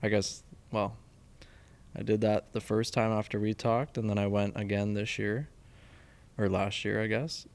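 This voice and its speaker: A man's voice: lowish voice, little pitch movement, a little slow, a little mellow. A young man, a pro golfer, answering interview questions in a laid-back, self-deprecating way. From Canada. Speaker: professional golfer guest. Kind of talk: casual interview chat.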